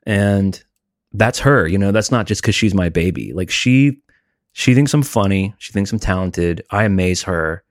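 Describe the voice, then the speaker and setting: A man with a very low, deep voice chats casually on a podcast, open and emotional as he tells stories about his family. He is recorded close and dry, with no room sound at all. He sounds like he is in his forties. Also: normal speed, no room sound. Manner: candid, emotional storytelling. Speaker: podcast co-host. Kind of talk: casual chat.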